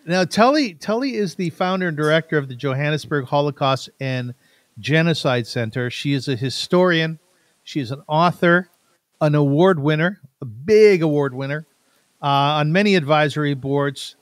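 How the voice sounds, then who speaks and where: A man's voice: on the high side, normal speed, fairly bright tone, no echo. A Canadian man hosting an interview, chatty and enthusiastic. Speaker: podcast host. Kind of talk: casual interview.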